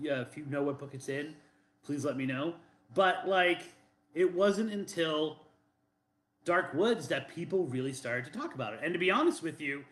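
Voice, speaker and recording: A man's voice: a little high, a bit bright, roomy sound. A man from Boston co-hosting a casual chat show, talking in a rambling, defensive way with many fillers and restarts. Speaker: podcast co-host.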